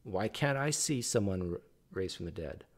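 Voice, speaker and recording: A man with a lowish, expressive voice and a moderate pace hosts a reaction video. He argues casually and talks back directly to the speaker on screen.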